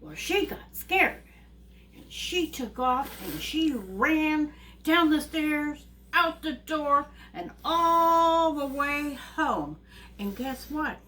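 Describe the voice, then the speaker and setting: A woman telling a fairy tale to young children, animated and asking them questions along the way. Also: high-pitched, slow, a little hiss or hum. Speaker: children's storyteller. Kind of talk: reading a story to young children. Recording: distant mic with faint ambience.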